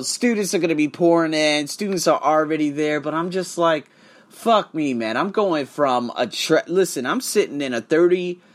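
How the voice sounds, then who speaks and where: A young man hosting a podcast, telling stories in a casual, profane way and acting out quotes. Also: a little high. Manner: animated, profane, acts out quotes. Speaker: podcast host. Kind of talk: casual storytelling monologue.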